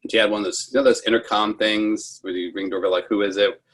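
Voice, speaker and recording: Husky man in his sixties reminiscing. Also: lowish voice, steady tone, quick pace, a bit bright. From New York, United States. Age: 60s. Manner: rambling, self-correcting, acts out quoted voices. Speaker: interviewee. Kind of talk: casual storytelling. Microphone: video call.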